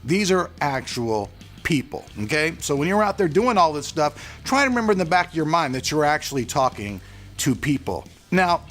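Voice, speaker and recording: Earnest middle-aged man, slightly high voice. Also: very animated, moderate pace, fairly bright tone, faint music behind. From California, USA. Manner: earnest, rambling, talks straight to viewers. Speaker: channel host. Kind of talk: casual vlog monologue.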